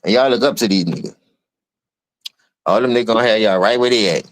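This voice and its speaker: A man with a New Orleans accent streaming an unscripted, profane rant to his listeners. He keeps calling them dog and bro, and he swings between low mutters and sudden high outbursts. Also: a little fast. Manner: repeats words, addresses listener as dog and bro. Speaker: streamer giving a spoken open letter.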